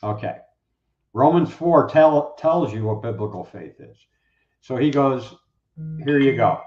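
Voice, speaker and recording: Animated preaching man, roomy dull sound. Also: medium pitch, unhurried, slight background noise. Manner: animated, acts out quoted speakers. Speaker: guest, Bible teacher. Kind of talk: casual conversational preaching.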